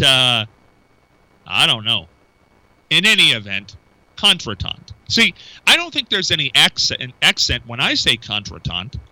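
A man's voice: high voice, sharp tone, no room sound, rough recording. A man hosting a call-in radio show, chatty and rambling with fillers. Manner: chatty, rambling with fillers, repeats phone number. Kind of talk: casual call-in radio talk.

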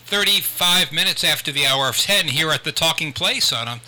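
A man's voice: a little high, animated, moderate pace, pushed and bright, poor audio. An older man hosting a radio talk show, chatting in a rambling way with many restarts. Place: radio studio.

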